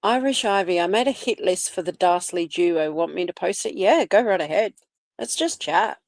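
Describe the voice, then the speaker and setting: A woman's voice: lowish voice, expressive, normal speed, dry recording. Chatty Australian woman greeting live viewers. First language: Italian. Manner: chatty, greets viewers by name, drifts between topics. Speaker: livestream host. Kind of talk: casual live chat reading comments.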